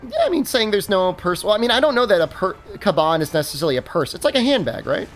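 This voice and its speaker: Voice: mid-range voice, very animated, fast, a little hiss or hum. A game streamer chatting casually while playing, rambling with many fillers and restarts and laughing at their own stories. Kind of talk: casual livestream chat while gaming.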